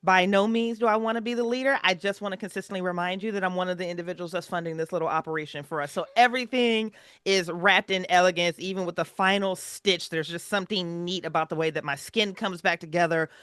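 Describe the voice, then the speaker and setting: Bright-voiced woman playing a haughty vampire. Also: on the low side, fairly even intonation, fast talker, smooth, dry recording, studio quality. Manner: arch and haughty in-character voice. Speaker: player. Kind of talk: playing a character in a tabletop game.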